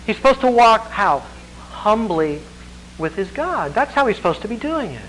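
A man's voice: very animated, normal speed, slight background noise, rough recording. A man preaching a sermon as pastor, emphatic, with conversational asides and chuckles, then leading a prayer. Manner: emphatic preaching with wide swings in pitch and loudness. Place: church congregation.

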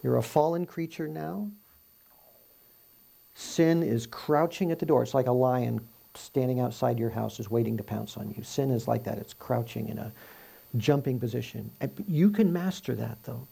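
A man teaches from scripture in a relaxed, conversational way, working through the text verse by verse and posing rhetorical questions to his listeners. His voice is gravelly and husky, with a warm, mellow tone. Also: medium pitch, normal speed. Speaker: Bible teacher.

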